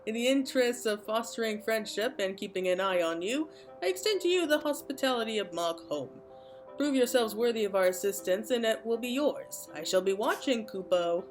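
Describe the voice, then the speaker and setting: A woman's voice: fairly high pitch, animated, fairly quick, faint music behind, lightly acted. A woman voicing a big, pompous male Moogle chieftain in a game, reading his lines in a stately, old-fashioned way. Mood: grave. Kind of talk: reading game dialogue aloud.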